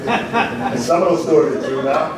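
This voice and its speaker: A man's voice: a little high, animated, moderate pace, over a noisy crowd. A man preaching a sermon to his church, telling a story and acting out the cheering crowds in it, then putting questions to the congregation. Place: church sanctuary. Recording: echoey church, voice from far off.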